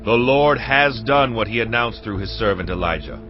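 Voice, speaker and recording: A man's voice: medium pitch, expressive, moderate pace, natural voice. An actor playing a ruthless, zealous king who issues harsh orders, in a dramatized scripture reading. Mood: commanding. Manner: forceful, issuing orders. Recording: dull lo-fi with music beneath.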